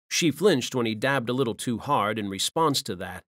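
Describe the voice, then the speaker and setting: Expressive male audiobook narrator. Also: mid-range voice, fairly quick, no room sound, studio quality. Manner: dramatic, expressive. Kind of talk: scripted narration.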